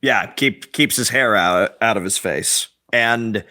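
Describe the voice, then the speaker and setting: A man with a bright, forward voice recaps a film's plot for a casual review show. He talks slowly, with fillers and pauses between phrases. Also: lowish voice. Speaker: film review co-host. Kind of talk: casual film review chat.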